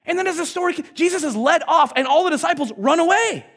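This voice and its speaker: A male pastor preaching a sermon, retelling a story in a lively, conversational way. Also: extremely high pitch, quick pace.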